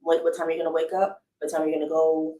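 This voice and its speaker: A woman's voice: low voice, flat delivery, very fast, mellow. A woman voice actor talking casually in an interview, chatty and laughing often. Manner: chatty, laughs often, says "you know" a lot. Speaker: voice actor guest. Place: live event in a house. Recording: echoey room, distant mic.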